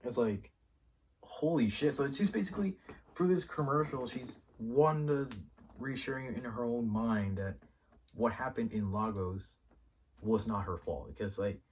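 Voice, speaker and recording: A man hosting his own review show, chatting casually and excitedly, swearing freely and rambling as he thinks aloud. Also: mid-range voice, unhurried, far from the mic, a little hiss or hum. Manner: excitable and profane, acts out characters' lines mid-sentence. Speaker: YouTube show host reviewing a TV episode. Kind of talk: casual spoiler review talk.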